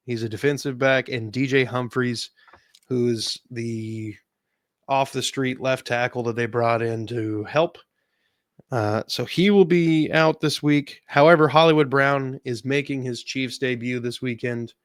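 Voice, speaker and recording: A man co-hosting a sports podcast in a relaxed, chatty way, laughing easily as he goes through stats. His voice sits at an ordinary pitch. The recording is dry and close. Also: unhurried, no echo. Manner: relaxed, laughs often, stats-heavy rundown. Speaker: podcast co-host. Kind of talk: casual sports chat.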